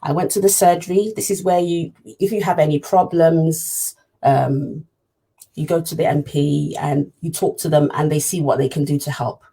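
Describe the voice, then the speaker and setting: Low, husky-voiced woman telling her story. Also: fairly even intonation, moderate pace, warm tone. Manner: earnest, repeats phrases for emphasis. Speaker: parent sharing her experience. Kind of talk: personal storytelling talk.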